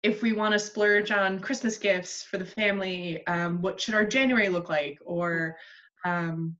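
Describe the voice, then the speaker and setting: A woman chatting casually as a guest on a podcast, self-deprecating and quick to laugh. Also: mid-range voice, fairly even intonation, fairly bright tone. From United States. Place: Australia. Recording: slightly dull lo-fi sound.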